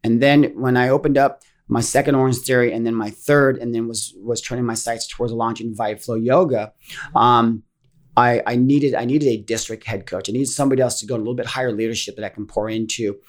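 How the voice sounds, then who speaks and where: A middle-aged man, a guest in a casual interview, telling earnest stories fast and acting out the dialogue. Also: mid-range voice, steady tone. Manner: earnest, fast-paced storytelling that acts out dialogue. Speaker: interview guest, fitness business owner.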